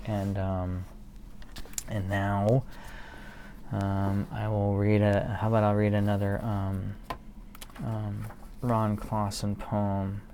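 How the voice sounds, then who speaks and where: A man with a low, gravelly and mellow voice tells a rambling, swear-filled story in a loose, casual way, chuckling at his own tale. A faint hiss of room noise sits under him. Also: level tone, slow, long pauses. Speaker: solo streamer or vlogger reading poems. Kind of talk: casual storytelling to an absent audience.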